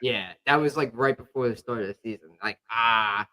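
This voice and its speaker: A man's voice: medium pitch, moderate pace, sharp tone. A young man hosting a podcast, telling a rambling sports story in casual chat with lots of fillers. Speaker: podcast host.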